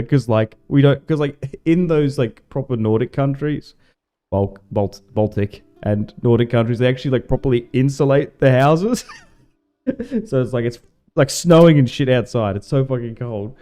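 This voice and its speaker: An Australian man casually commentating a strategy game on a livestream, relaxed and chatty, swearing now and then. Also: medium pitch, normal speed, muffled recording, faint music behind. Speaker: gaming livestreamer.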